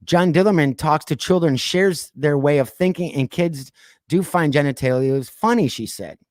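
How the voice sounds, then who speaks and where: A man hosting a podcast, reading odd news stories aloud and breaking off into sarcastic asides, laughs and deliberate quiet pauses. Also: fairly high pitch, no echo, clean studio sound. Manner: reads news items then riffs with sarcastic asides and laughs; drops to quiet voice for dramatic pauses. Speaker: podcast host. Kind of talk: casual news commentary.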